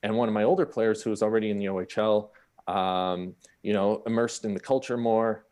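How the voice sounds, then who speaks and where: A man's voice: on the low side, brisk. A man, speaking on a panel and telling a personal story candidly, acting out the people in it. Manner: candid, animated, acts out the people in his story.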